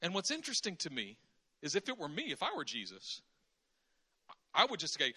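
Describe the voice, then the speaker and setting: A man preaching a sermon in an animated way, acting out conversations in different voices. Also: high-pitched, brisk, husky.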